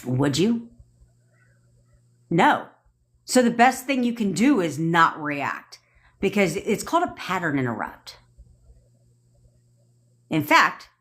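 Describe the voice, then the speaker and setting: A young woman talks into her phone on a livestream. She coaches bluntly, repeats herself for effect and swears freely. Her voice sits a little low but swings widely in pitch. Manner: blunt, profane, repetitive tough-love ranting. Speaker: manifestation coach. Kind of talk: TikTok live rant.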